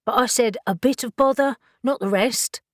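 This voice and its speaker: A woman's voice: on the high side, normal speed, no echo, clean studio sound, pitched above the performer's own voice, lightly acted. A woman voicing a nonchalant, self-effacing man with an English accent who speaks politely and wryly. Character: nonchalant, rumpled Englishman, wry charmer.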